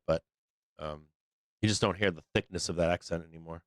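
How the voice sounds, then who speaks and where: This man speaks quickly in a low voice with fairly even intonation, broken by long pauses, on a dry recording. Hailing from Boston, he hosts a live stock market livestream, chatting casually and rambling along with profanity and lots of fillers.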